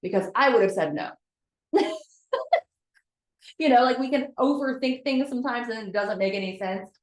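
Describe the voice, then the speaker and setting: A woman's voice: a little high, lively intonation, moderate pace. Candid woman talking in a roomy space. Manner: candid, chatty, addresses viewers as "you guys". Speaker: host of a weekly motivational live video. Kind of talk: casual motivational talk to a live audience. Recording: roomy echo.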